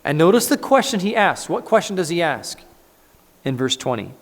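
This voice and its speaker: A man, a pastor, preaching a conversational, animated sermon in a church and acting out scripture. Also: a little high, moderate pace. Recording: echoey church hall.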